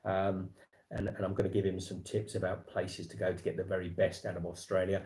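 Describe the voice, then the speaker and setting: A man's voice: low-pitched, level tone, a little fast, a little mellow. Chatty Englishman hosting a livestream. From England. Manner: chatty, rambling, lots of fillers and restarts. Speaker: livestream host. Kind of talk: casual livestream chat.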